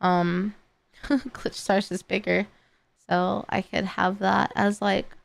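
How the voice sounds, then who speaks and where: Reacting to videos and chat on her live stream, a tired, yawning young woman rambles casually, full of fillers and false starts. She speaks slowly in a mid-range voice with vocal fry and little pitch movement.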